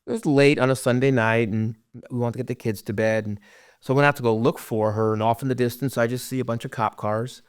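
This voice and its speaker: Middle-aged man, podcast guest, earnest halting storytelling, voice sinks soft and low, mid-pitched, dry close recording. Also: fairly even intonation, smooth, no echo. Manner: earnest, halting, often softens to a hush. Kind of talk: personal storytelling.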